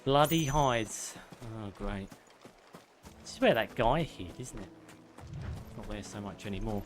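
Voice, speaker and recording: A man's voice: on the low side, unhurried, over music. Chatty British man streaming a game. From United Kingdom. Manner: casual, chatty, swears freely. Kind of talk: live gameplay commentary, chatting with viewers.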